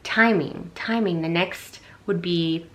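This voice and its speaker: A woman's voice: on the low side, slow pace, fairly bright tone. A young adult woman giving casual relationship advice on a vlog, rambling and chatty with lots of fillers and restarts. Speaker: relationship vlogger.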